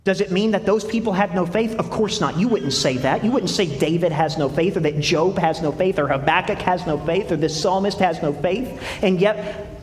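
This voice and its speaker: A man's voice: sits high, normal speed, echoey room, big-room sound, a little hiss or hum. A man preaching a sermon, reading scripture aloud and putting questions to the congregation. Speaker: pastor.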